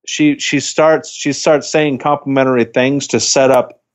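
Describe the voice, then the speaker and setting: A man's voice: medium pitch, steady tone. A man co-hosting a chatty podcast, stopping and restarting often as he works through what happened on a dating show. His mid-range voice comes through a slightly dull, muffled recording. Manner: halting, with many restarts and fillers like "like". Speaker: podcast co-host. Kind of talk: casual chat recapping a TV show.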